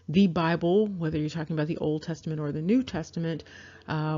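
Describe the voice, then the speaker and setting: A woman giving a measured, explanatory lecture over a map, with frequent fillers. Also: low-pitched, warm tone. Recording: dull lo-fi audio.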